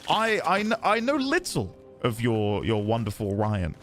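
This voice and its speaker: Soft music sits under this game stream, where a man with a British English accent from the UK chats, rambles, laughs easily and answers his chat. His voice is mid-range with huge pitch swings, delivered at a measured pace.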